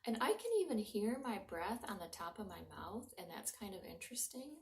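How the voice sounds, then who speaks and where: A woman leading young children through a breathing lesson in a soft, encouraging voice that sometimes drops to a whisper. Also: medium pitch, expressive, a little fast. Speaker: children's librarian leading a mindfulness story time. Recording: roomy home recording from a distance.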